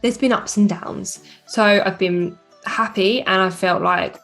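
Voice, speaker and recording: A woman's voice: medium pitch, unhurried, creaky, a bit bright, faint music behind. A young woman chatting frankly and a little wearily to camera in a casual vlog. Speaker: vlogger. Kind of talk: casual chat.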